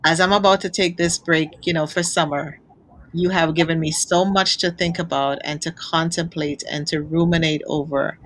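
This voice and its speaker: A woman's voice: low-pitched, steady tone, moderate pace, a bit bright, low-quality recording. A woman hosting an interview show, speaking in an effusive, emotional way. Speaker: host. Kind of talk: interview chat.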